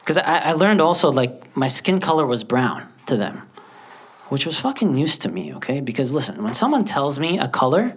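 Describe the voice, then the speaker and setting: A man from Lebanon doing an animated stand-up comedy set, often leaping into high put-on voices. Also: normal speed, breathy edge. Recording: loud background noise.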